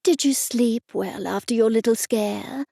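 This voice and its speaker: A woman's voice: on the high side, measured pace, vocal fry, dark tone, no echo, clean studio sound. A woman voicing a smug young female rival who speaks sweetly but insincerely, in a storybook reading. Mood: gloating.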